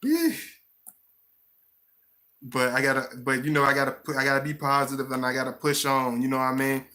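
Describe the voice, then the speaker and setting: A man talking casually on a live stream with a bright, forward tone. His pitch stays flat and even as he rambles, restarting and repeating words. He keeps greeting his viewers by name. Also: fast talker.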